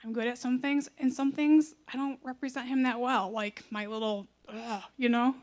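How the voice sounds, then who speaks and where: A woman's voice: fairly high pitch, normal speed. Chatty woman telling a church story. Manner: chatty, animated, acts out quoted lines. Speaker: church member sharing a testimony. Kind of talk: casual storytelling testimony.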